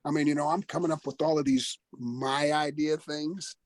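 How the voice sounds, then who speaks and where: Older man telling a lively story, dry sound. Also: on the high side, normal speed, dry recording, poor audio. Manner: animated anecdotal storyteller who acts out quoted voices and chuckles often. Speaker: retired wrestler guest. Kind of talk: interview storytelling.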